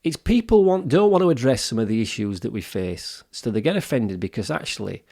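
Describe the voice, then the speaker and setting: A gravelly-voiced man in his fifties makes his points on a wellbeing podcast. His pitch sits mid-range for a man, and he talks earnestly and opinionatedly, often restarting his sentences. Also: animated, a little fast, mellow. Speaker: podcast co-host. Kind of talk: casual podcast discussion.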